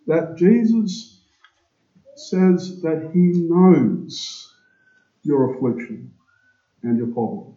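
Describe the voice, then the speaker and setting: A man preaching a sermon to his congregation, slow and emphatic, asking rhetorical questions. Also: medium pitch, mellow. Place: church. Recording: echoey, dull church recording.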